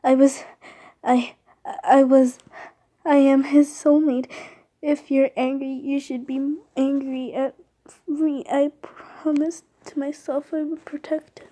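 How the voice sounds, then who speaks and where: A woman voicing a fierce, hot-tempered young man in a fan audio drama, who talks in raw, shouted bursts. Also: high-pitched, level tone, takes it slowly. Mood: anguished.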